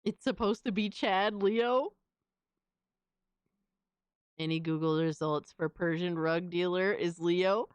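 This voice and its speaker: A woman's voice: on the low side, unhurried, smooth, no echo. A young woman streamer reacting casually to fan images, slangy and exclamatory, often laughing.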